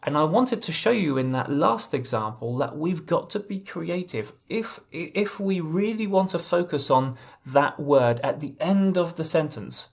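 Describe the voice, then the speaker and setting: Gravelly male legal English teacher. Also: on the high side, expressive, measured pace. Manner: explanatory, repeats and restarts phrases. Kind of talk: online lesson.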